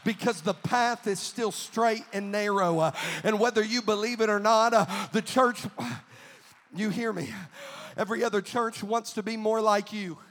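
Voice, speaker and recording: A man's voice: high-pitched, fairly even intonation, normal speed, a bit bright, in a large hall. A man preaching a sermon as pastor, fervent, repeating his phrases and dropping many filler "uh"s.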